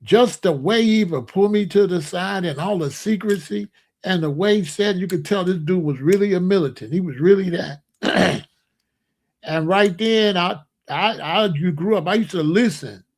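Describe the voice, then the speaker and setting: High, gravelly-voiced man telling a story. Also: moderate pace. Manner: rambling, emphatic, breaks into laughs. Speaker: channel host. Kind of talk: casual storytelling monologue.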